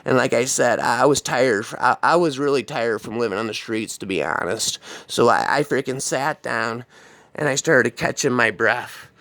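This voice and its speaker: A man's voice: medium pitch, normal speed, a bit bright. A man telling a crude comedic horror story in a rambling, profane, casual way.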